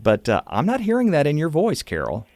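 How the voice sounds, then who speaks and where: A man's voice: on the high side, huge pitch swings, fairly quick, a little mellow, no room sound. A man from Oklahoma with a Southern American accent, hosting a radio interview in a folksy, conversational way. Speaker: radio host.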